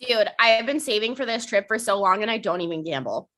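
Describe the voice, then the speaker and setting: A woman's voice: mid-range voice, lively intonation, quick pace, bright, forceful tone. A young woman co-hosting a podcast in casual chat, talkative, cursing often and laughing a lot. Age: young adult. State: hiccups. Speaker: podcast co-host.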